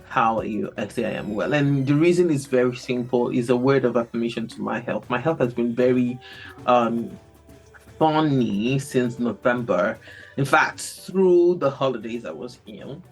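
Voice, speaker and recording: A woman hosting a casual podcast chat, animated and quick to laugh, often repeating her words. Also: very deep voice, faint music behind. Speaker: podcast host.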